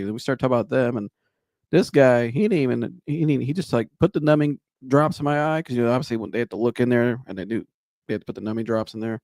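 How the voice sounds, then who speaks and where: A man's voice: medium pitch, fast talker, a little mellow, no echo, studio quality. A man hosting a podcast, telling a long rambling anecdote in a casual way, with restarts and laughter. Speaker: podcast host. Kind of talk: casual storytelling.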